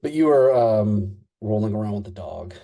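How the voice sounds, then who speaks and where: A man in his thirties from the United States is an interview guest on a conversational podcast, speaking in a fairly low voice with a mellow, dark, creaky tone. Expressive yet halting, he pauses often for fillers and restarts as he recalls things in this casual conversation.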